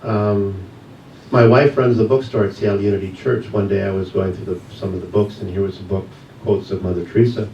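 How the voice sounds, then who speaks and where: A man who teaches yoga, giving a church message as a personal story, told with pauses and soft laughs. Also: lowish voice, steady tone, highs cut off, a little hiss or hum. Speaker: guest speaker, yoga teacher. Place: church sanctuary. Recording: echoey hall, mic from a distance.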